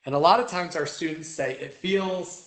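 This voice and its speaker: With crowd noise in the background and a roomy echo, a young man explains vocal technique to a choir one step at a time, often pausing to ask "right?". His pitch is a little high, his pace moderate, and he demonstrates by singing.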